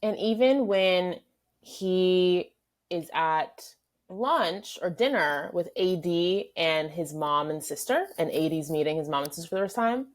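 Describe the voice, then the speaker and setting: A woman's voice: on the low side, expressive, unhurried. A woman co-hosting a podcast, giving frank, opinionated takes in casual TV review chat. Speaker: podcast co-host.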